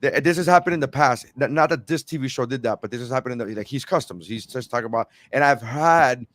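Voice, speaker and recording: A man's voice: medium pitch, fast, a bit bright. A man co-hosting a podcast, telling a long, rambling travel story with many restarts. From immigrant to America. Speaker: podcast co-host. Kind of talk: casual storytelling chat.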